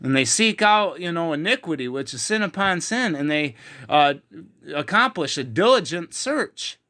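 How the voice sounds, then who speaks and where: A man's voice: fairly high pitch, animated, normal speed, bright, forceful tone. A man teaching from the Bible in an online video, heated and emphatic, with frequent fillers. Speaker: preacher.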